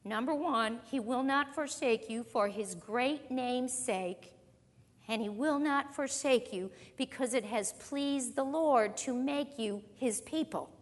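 A woman teaching a sermon. She reads scripture aloud and puts pointed questions to her listeners. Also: on the high side. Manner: emphatic, questions the audience directly. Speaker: Bible teacher. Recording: reverberant hall sound.

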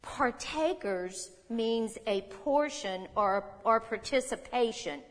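A woman's voice: fairly high pitch, animated, slow. A woman preaching a sermon, reading scripture aloud, explaining it in a teaching manner and asking the audience questions. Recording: long hall reverb.

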